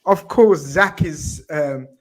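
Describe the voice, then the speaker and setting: Chatty higher-voiced male host. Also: slow. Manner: chatty, teasing. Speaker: podcast host. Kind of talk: casual football chat.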